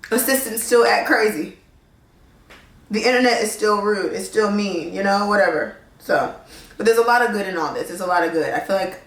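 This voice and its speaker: A young woman chats straight to her viewers in a casual vlog, slangy, emphatic and animated. Her voice sits mid-range for a woman. It carries a roomy echo. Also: mid-range voice. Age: young adult. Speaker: legal consultant and content creator. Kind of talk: casual talking-to-camera vlog.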